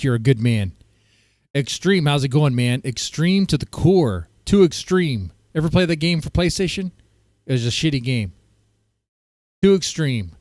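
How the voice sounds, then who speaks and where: A man's voice: fairly high pitch, a little mellow, no echo, clean studio sound. Crude, mocking male streamer. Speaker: streamer reacting to clips. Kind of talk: casual stream commentary.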